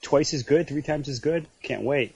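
A man on a podcast panel, speaking in a relaxed, understated way in casual chat. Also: fairly high pitch, normal speed, creaky, husky, no echo. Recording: dull lo-fi audio.

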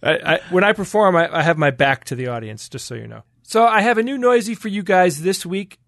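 A man's voice: sits high, lively intonation, brisk, gravelly, fairly bright tone, no room sound, studio quality. A man hosting a podcast segment in casual panel chat, playful and laughing often.

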